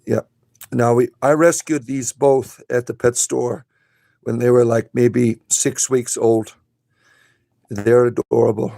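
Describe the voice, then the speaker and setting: Gravelly-voiced man rambling on a stream. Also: mid-range voice, flat delivery, slow, warm tone. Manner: rambling, blunt and jokey, coos at his pets. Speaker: spiritual comedy streamer. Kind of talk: casual livestream chat.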